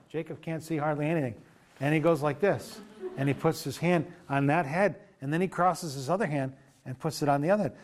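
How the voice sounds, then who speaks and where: A man preaching an informal sermon at an evening fellowship, retelling a story in a lively, conversational way. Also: fairly high pitch. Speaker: pastor.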